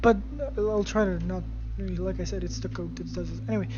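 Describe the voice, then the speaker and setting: A gaming video creator casually recapping a game story, animated and profane, throwing in spoken sound effects. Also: mid-range voice, a little fast, dull audio.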